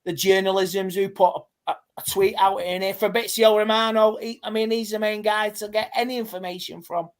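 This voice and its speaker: Speaking a little fast with few pauses, a man with a high voice and steady tone joins a relaxed football podcast as a guest fan pundit. His talk wanders and halts, and he keeps beginning his sentences over again.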